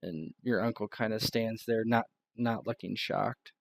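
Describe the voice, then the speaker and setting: A man narrating a tabletop game as game master, with many pauses and fillers. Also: on the low side, level tone, vocal fry. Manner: hesitant, filler-heavy, descriptive.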